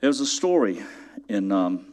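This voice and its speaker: Man, sermon, preaching, slow stressed phrases, pitch jumping high on emphasis. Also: sing-song, a little mellow. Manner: preaching with sudden rising emphasis. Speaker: pastor.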